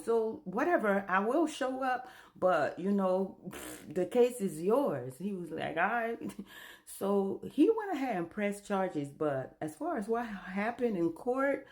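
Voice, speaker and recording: Chatty woman telling a story. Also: on the low side. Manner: chatty, animated, acts out the voices in her story. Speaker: storyteller vlogger. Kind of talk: casual storytime vlog.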